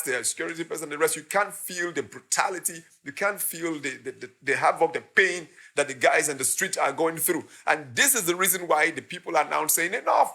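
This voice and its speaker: Male preacher, impassioned sermon delivery, high and bright. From Nigeria. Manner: impassioned preaching, acting out quoted voices. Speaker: pastor.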